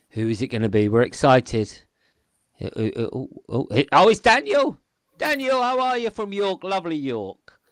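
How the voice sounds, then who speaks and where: A man's voice: mid-range voice, dry recording. A man hosting a panel show over a video call, playful and theatrical, chatting with his guests. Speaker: host.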